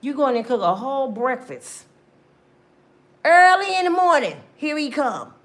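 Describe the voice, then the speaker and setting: A woman delivering a comedic monologue, acting out little scenes and swinging between loud bursts and hushed asides. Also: high-pitched, very animated, measured pace. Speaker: comedic talk show host.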